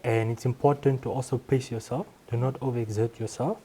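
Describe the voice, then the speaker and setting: Calm male ICU doctor. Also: medium pitch, fairly quick, slight background noise. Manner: calm, advising. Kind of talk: panel discussion.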